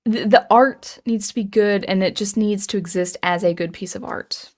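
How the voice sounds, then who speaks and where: Woman streamer, mid-pitched voice, thinks out loud with lots of ums and restarts. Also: moderate pace. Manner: musing and hesitant, many ums and restarts. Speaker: livestream host reading chat comments. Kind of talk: casual livestream chat.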